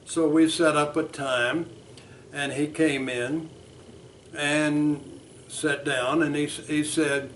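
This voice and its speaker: A man, a psychotherapist, teaching a lesson in a deliberate, measured way and acting out a session. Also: on the high side, level tone, fairly bright tone. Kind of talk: teaching lesson with role-play.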